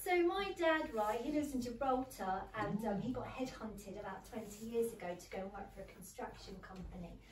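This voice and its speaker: A woman's voice: a little high, brisk, few pauses. A woman in her thirties doing a stand-up comedy set without a microphone, chatty and giggling at her own jokes. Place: comedy venue room with audience. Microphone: no microphone, recorded from a distance. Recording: echoey room, voice from far off.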